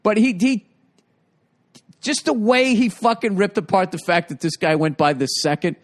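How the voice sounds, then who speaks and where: A man hosting a podcast, riffing through a comedic monologue full of swearing and asides. His pitch sits a bit high for a man. He talks loosely and wanders through his stories. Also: moderate pace. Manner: profane, rambling storytelling. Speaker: podcast host.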